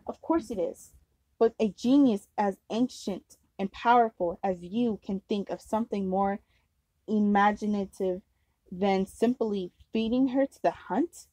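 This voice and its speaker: Slow, soft-toned woman reading aloud. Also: mid-range voice, no echo, low-quality recording. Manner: unpolished reading with slips and restarts. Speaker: amateur reader.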